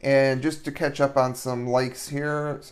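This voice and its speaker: A man hosting a live stream, talking haltingly with many ums and restarts as he thanks the chat. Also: mid-range voice, little pitch movement. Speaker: stream host.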